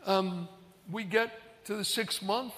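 A man's voice: high-pitched, steady tone, takes it slowly, a bit bright, big-room sound. A man preaching a sermon as a pastor, telling stories in an easygoing, conversational way in a large auditorium.

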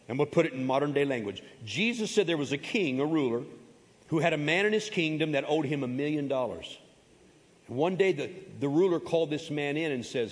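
A man delivers a sermon in a slightly high voice, driving his points home by repeating them. He mixes in folksy, joking asides. His voice rings out with the long reverb of a large church hall. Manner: emphatic, repeats key phrases, folksy humorous asides. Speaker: pastor.

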